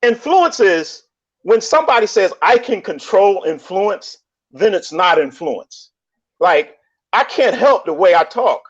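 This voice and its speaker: A man talking in a casual online debate, animated, often repeating and restarting his phrases. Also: sits high, measured pace. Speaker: panelist in online discussion. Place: lives in Colombia. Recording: dull lo-fi stream audio.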